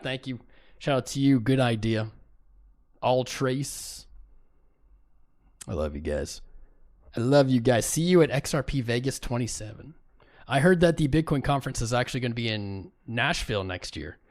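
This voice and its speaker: A man's voice: medium pitch, animated, moderate pace. Chatty male livestream host. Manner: chatty, greets viewers by name. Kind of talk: casual livestream commentary.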